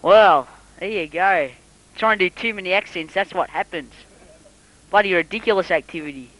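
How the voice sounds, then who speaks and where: A man's voice: high-pitched, moderate pace, fairly bright tone, poor audio. Jokey man muddling his commentary. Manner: jokey, muddling his own names, hesitant fillers. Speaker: mock sports commentator. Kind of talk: improvised comedic commentary.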